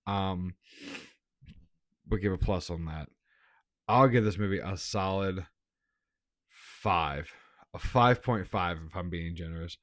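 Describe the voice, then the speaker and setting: A man's voice: fairly low pitch, dry recording, clean studio sound. A man giving a casual, blunt movie review, laughing often and swearing.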